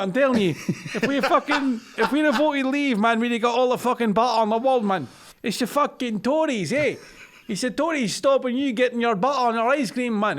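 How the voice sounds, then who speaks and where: A bellowing, foul-mouthed Glaswegian bloke, put on by a man on a podcast. The voice sits high and swings wildly as he rants, every line hurled out in mock fury. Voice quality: swearing, bellowing, mock-outraged. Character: crude rowdy Glaswegian man ranting about takeaway food.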